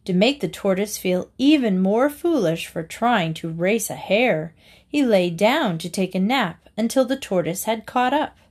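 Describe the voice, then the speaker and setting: A woman's voice: medium pitch, lively intonation, darkish tone. A woman narrating a series of short fables, reading each story aloud with its moral. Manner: slow, deliberate reading aloud. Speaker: reader.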